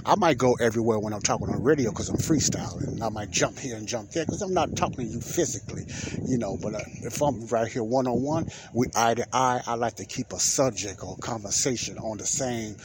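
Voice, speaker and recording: A man's voice: medium pitch, brisk, noisy background. A middle-aged man, hosting a podcast and telling a rambling story that repeats itself and acts out the people in it. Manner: rambling, repeats himself, acts out quoted dialogue. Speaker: podcast host. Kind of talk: casual storytelling monologue.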